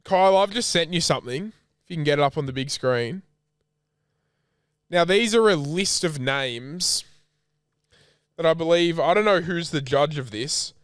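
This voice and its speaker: Young Aussie co-host, blunt sweary banter, lively up-and-down delivery, clean dry close mic. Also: male voice, on the high side, moderate pace, long pauses, smooth, no echo. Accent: Australian. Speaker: podcast co-host. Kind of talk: casual chat.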